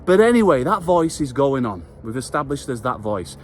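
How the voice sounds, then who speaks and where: A very animated man with a medium-pitched voice speaks at normal speed right after his workout, passionately sharing an earnest motivational vlog message and swearing now and then. A little hiss or hum sits under the audio.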